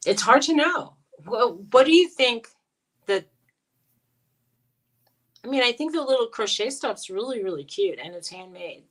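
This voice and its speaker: Lively, animated middle-aged woman chatting. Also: a little high, measured pace, pauses often, poor audio. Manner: chatty and animated, swears and laughs easily. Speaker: channel host. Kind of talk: casual live-stream chat between friends.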